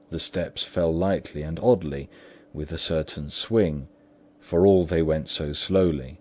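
A man reading a story aloud as narrator, in measured, even storytelling. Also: a bass voice. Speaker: audiobook narrator. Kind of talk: scripted narration. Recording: dull lo-fi recording.

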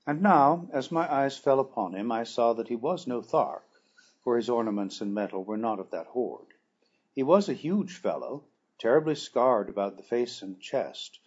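A male narrator reads a classic adventure story in a measured, formal way, his voice mid-pitched and noticeably husky. The recording is dull and lo-fi, with the top end rolled off. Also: darkish tone. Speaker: audiobook narrator.

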